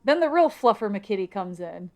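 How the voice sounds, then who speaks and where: A woman co-hosting a casual podcast, retelling a book's plot and slipping into quick quoted voices. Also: medium pitch, sing-song. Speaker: podcast co-host. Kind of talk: casual book recap chat.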